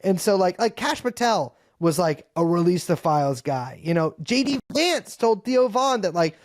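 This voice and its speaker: Rambling, profane man, fairly high voice. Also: sing-song, moderate pace, few pauses, no room sound, studio quality. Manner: rambling, profane, lots of fillers and restarts. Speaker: podcast guest. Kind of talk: casual political chat.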